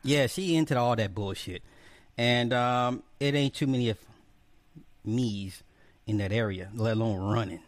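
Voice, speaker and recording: A man's voice: medium pitch, a little slow, no room sound. An adult man hosting a casual live stream, joking, swearing freely and greeting viewers by name one after another. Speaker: livestream host. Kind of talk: casual livestream chat.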